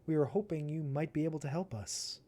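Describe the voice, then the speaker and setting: A man voicing a lofty, grandiose idealist artist who speaks in measured phrases. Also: on the high side, dark tone, natural voice.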